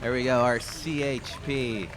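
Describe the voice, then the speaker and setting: A man's voice: mid-range voice, steady tone, unhurried. A young man announcing a street parade outdoors on a radio feed, upbeat and chatty with a joking manner. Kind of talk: live event commentary.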